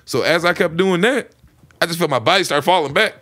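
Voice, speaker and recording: Young guy, casual podcast storyteller, slightly high voice that swings all over, acts out his own reactions. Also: animated, brisk, a bit bright. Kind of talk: casual chat.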